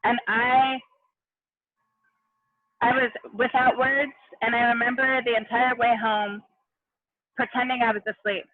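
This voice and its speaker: A woman's voice: a little high, flat delivery, a little slow, pauses often, dry recording. A middle-aged woman telling a personal story as an interview guest, speaking earnestly and vividly with frequent restarts. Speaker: interview guest, education consultant. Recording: tinny phone-like line, dry.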